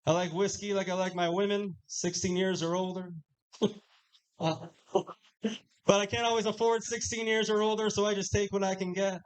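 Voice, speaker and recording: A young man with a high voice tells jokes at a casual, offhand clip from a small lounge stage. He swears freely and laughs at his own jokes. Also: level tone, moderate pace, pauses often, clean tone, poor audio. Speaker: stand-up comedian. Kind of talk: live stand-up set.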